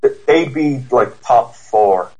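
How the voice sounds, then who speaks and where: A man's voice: mid-range voice, lively intonation, slow pace, darkish tone, lo-fi sound. A man with an Irish accent, a guest voice performer, chatting casually and hesitantly with many restarts and fillers. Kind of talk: casual interview chat.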